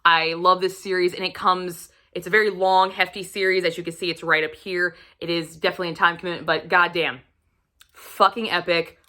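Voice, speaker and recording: Woman book vlogger swooning over romance heroes, cusses a lot, bright forceful voice. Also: fairly low pitch, little pitch movement, brisk. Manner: gushing, profane, swoons into breathy whispers. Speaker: book reviewer. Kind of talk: casual book recommendation vlog.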